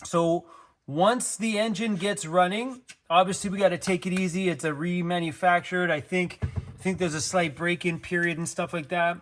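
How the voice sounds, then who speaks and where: A man's voice: sits high, steady tone, moderate pace, fairly bright tone. A young adult man from Canada chatting casually to camera in an upbeat vlog, laughing often. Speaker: van life vlogger.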